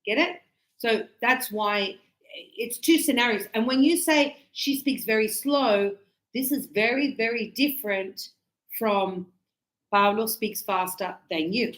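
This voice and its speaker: A woman English teacher giving a classroom grammar lesson, talking slowly and deliberately and stretching out key words. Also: fairly high pitch, fairly bright tone. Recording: echoey classroom.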